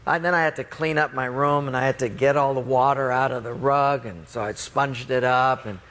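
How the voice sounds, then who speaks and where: A preacher telling a story from the pulpit in an animated, expressive and playful way. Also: male voice, mid-range voice, moderate pace, in a large hall. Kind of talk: sermon storytelling.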